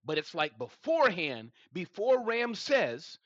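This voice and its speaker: A man's voice: high voice, big pitch swings, measured pace, highs cut off, background noise. A man in his forties hosting a live audio room, talking animatedly and saying the listener's name again and again. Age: 40s. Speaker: show host.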